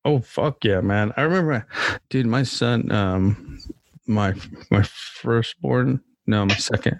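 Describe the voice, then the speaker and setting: A man's voice: mid-range voice, takes it slowly, vocal fry, no room sound. A man in casual conversation, laid-back and swearing freely, acting out the people in his stories. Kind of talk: casual chat.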